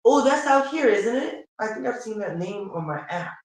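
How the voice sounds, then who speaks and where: Woman vlogger, chatty, lively storytelling, laughs a lot, echoey room. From Chicago. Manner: animated storytelling, quick pitch swings, laughs often. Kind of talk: casual chat reading viewer comments. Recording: roomy and distant from the mic.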